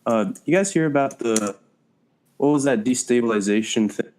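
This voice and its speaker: A man's voice: mid-range voice, normal speed, a little mellow. A young man co-hosting a casual podcast through a poor-quality microphone. He talks hesitantly and trails off mid-sentence. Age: young adult. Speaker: podcast co-host. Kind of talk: casual chat.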